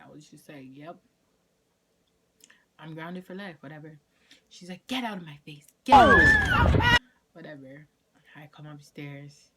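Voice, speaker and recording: A woman's voice: low-pitched, a little hiss or hum. A young woman telling a casual storytime vlog, acting out quoted lines with whispers and laughter. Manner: animated, acts out quotes, frequent laughs and whispers. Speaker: vlogger.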